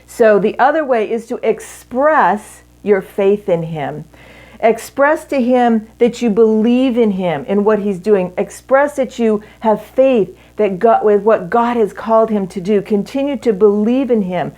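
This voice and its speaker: A middle-aged woman giving an earnest teaching talk to women in a marriage seminar, speaking in measured phrases with pauses. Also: mid-range voice, warm tone.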